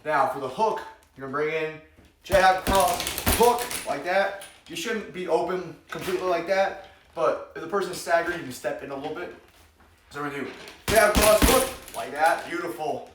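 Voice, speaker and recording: Speaking a little quickly in a fairly high voice, a man demonstrates self-defense moves for a humorous vlog and calls out the strikes as he throws them. He keeps things playful and high-energy with plenty of joking. The recording is noisy and roomy, with the mic set at a distance.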